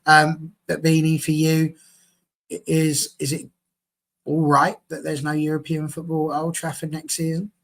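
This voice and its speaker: A man's voice: on the high side, monotone, a little slow, gravelly, a bit bright. A man hosting a casual fan panel, chatty and jokey, reading out viewer comments. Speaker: fan show host.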